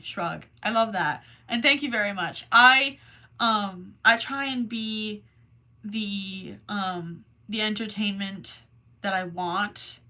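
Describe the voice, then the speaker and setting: A young woman hosting a crochet livestream, chatting casually and reading messages from the chat in a rambling, self-deprecating way. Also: medium pitch. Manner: slow, rambling and self-deprecating, with soft asides.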